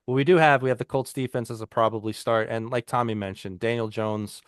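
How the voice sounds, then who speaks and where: A man's voice: mid-range voice, steady tone, brisk, clean tone, no echo, studio quality. A man co-hosting a casual fantasy football podcast, talking loosely with frequent restarts. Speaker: podcast co-host.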